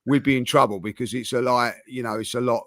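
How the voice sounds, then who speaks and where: A man's voice: mid-range voice, fairly even intonation, fast talker, a bit bright, no room sound, clean studio sound. A man chatting on a football panel, rambling with lots of fillers and restarts. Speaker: football fan pundit. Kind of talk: casual panel chat.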